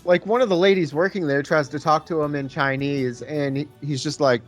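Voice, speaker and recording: A man's voice: fairly high pitch, fairly even intonation, brisk, faint music behind. A man co-hosting a podcast, chatting casually about a movie with wry asides and questions. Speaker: podcast co-host. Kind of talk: casual movie review chat.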